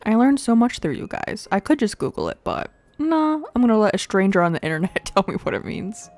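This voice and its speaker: A woman's voice: medium pitch, sing-song, brisk, a little mellow. A young woman giving chatty, playful commentary while playing a video game, laughing often and talking to her viewers. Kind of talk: casual gameplay commentary.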